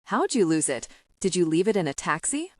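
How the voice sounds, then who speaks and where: A woman's voice: fairly low pitch, sing-song, a little fast, no room sound, studio quality. A woman doing a blunt, tough older sister. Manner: direct and blunt.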